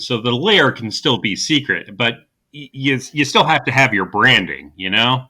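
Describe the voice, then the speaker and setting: Bright-voiced man recapping a movie. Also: mid-range voice, animated, measured pace. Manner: dry sarcastic humor with frequent fillers and restarts. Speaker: podcast co-host. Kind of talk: casual podcast movie recap.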